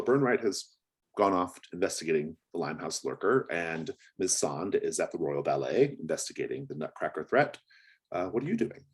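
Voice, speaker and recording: A man with a very low, husky voice runs a tabletop game as game master. He rambles, hesitates, and fills gaps with ums. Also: big pitch swings, normal speed. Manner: rambling, hesitant, many fillers.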